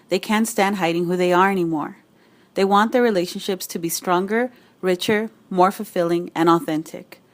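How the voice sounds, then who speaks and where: A young adult woman narrating a script in a calm, earnest, measured way. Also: on the low side.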